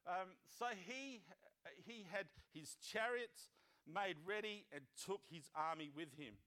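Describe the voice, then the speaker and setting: A man's voice: high voice, animated, measured pace, sharp tone. A man preaching a sermon as pastor, reading scripture and breaking into conversational, joking asides and acted-out voices.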